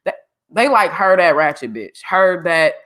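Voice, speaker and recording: Podcast co-host, bright, sharp tone, blunt and casual. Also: medium pitch, very animated, measured pace. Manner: blunt, laid-back slang.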